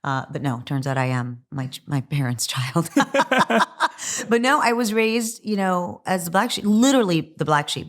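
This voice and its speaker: A hoarse middle-aged woman talking candidly as an interview guest, chatty and full of likes and ums. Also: extremely low pitch. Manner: chatty, frequent likes and ums, laughs often.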